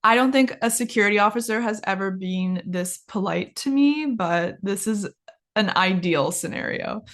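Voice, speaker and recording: A woman's voice: medium pitch, normal speed, a bit bright. A woman teaching English in a casual lesson, chatty, with frequent "like" fillers and laughing at herself.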